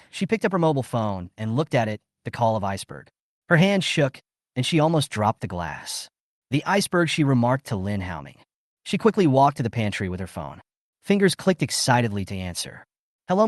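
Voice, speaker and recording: A man reading a scripted story recap in steady storytelling narration. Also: medium pitch, fairly quick, no echo, studio quality.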